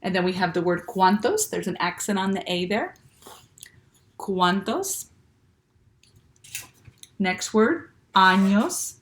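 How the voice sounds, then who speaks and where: A woman teaching young children, speaking slowly and clearly and checking often with "okay?". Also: medium pitch. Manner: patient, slow and clear, with many "okay?" checks. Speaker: Spanish teacher. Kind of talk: classroom lesson for children.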